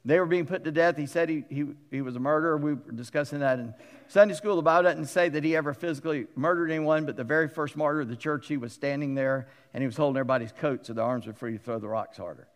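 A middle-aged male pastor preaching a sermon in a conversational, animated way, acting out quotes with humorous asides. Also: on the high side, fast talker. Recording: long reverb of a large hall.

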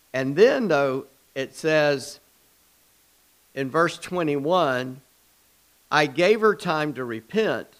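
A man's voice: medium pitch, low-quality recording. A man leads a Bible study group in a loose, conversational teaching style. He rambles, often restarts his sentences, and checks in with the class by asking them questions.

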